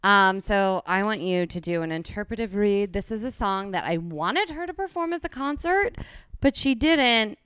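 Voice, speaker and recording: Woman, podcast host, casual chat, giggly, filler words, smooth clear voice, dry close sound. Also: medium pitch, lively intonation, normal speed, a bit bright, no room sound. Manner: chatty, giggly, lots of "like" fillers.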